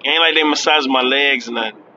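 A man's voice: mid-range voice, fairly quick, bright, forceful tone, lo-fi sound, a little hiss or hum. A man of thirty talking in a casual, chatty vlog from his car, laughing and admitting he is nervous. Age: 30s. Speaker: vlogger. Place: in a car on the freeway.

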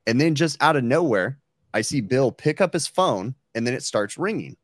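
Animated, profane male storyteller. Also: mid-range voice, normal speed, no room sound, clean studio sound. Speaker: podcast co-host. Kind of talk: casual storytelling chat.

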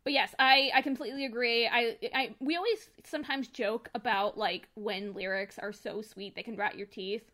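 Bright-voiced woman podcast co-host. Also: on the high side, normal speed, few pauses. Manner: animated, laughs loudly, swears casually. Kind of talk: casual chat.

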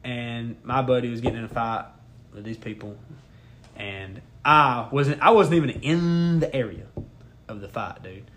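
A man's voice: mid-range voice, measured pace, fairly bright tone. A young man co-hosting a podcast, telling a rambling, profane story in casual chat and laughing as he goes. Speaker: podcast co-host.

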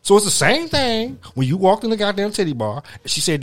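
A man hosting a casual podcast, ranting loudly and swearing heavily as he talks. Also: high voice, big pitch swings, fairly quick. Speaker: podcast host. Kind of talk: casual profane chat.

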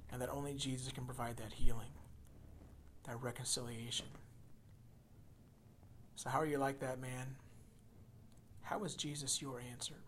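A man preaching a sermon, swinging from loud emphasis to hushed near-whispers and repeating words as he builds a point. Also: mid-range voice, a little hiss or hum. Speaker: pastor.

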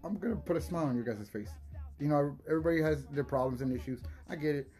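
A man's voice: on the high side, fast, a little mellow, soft background music. A young man hosting a casual solo podcast, rambling with lots of swearing, laughs and restarted words. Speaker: podcast host.

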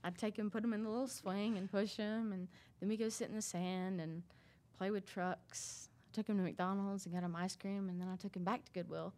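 A woman telling her story in a halting, casual way, full of fillers and restarts. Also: mid-range voice, fairly even intonation, darkish tone. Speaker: interview guest sharing a recovery story.

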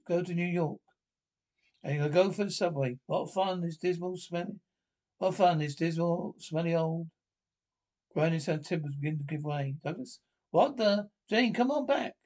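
Guy reading out a spooky radio script, all the parts, kinda high voice, trips over words a lot. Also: a little mellow. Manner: halting read-through with slips and restarts. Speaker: script reader.

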